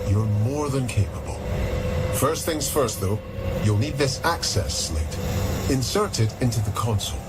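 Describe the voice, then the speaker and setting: An actor playing a calm, reassuring male guide character in a VR game, giving the player step-by-step instructions. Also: medium pitch, measured pace, close to an everyday voice. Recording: game clip with loud music. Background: loud game music.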